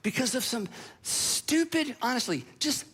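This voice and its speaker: A man's voice: extremely high pitch, very animated, a little slow, noisy background. A man preaching a sermon to a live audience, telling stories in a conversational way with self-deprecating humor. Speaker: pastor.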